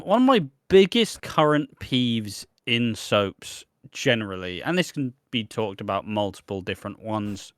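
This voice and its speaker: A man's voice: mid-range voice, a bit bright, no room sound, clean studio sound. A man co-hosting a podcast, rambling in casual chat with lots of restarts and the odd swear. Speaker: podcast co-host.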